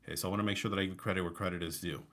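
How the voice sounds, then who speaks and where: Man, lowish voice, upbeat coach, deliberate pauses, video call audio. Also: fairly even intonation, a bit bright. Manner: high energy, with deliberate pauses and shifts of pace. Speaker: real estate coach. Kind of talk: live online coaching session.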